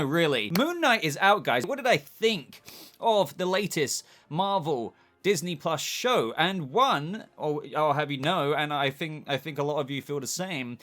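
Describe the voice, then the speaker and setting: A man's voice: on the high side, fairly bright tone. A man with a British accent hosting a chatty, upbeat video review of a TV episode. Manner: chatty, upbeat, keeps saying "if you will". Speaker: TV show reviewer, channel host. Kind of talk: casual spoken video review.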